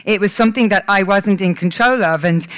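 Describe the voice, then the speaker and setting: Speaking a little fast in a slightly bright, mid-range voice, a woman from Ireland in her 30s shares something personal with a conference hall audience. Her heartfelt talk carries a tearful edge, and she's candid and emotional, breaking into laughter at times.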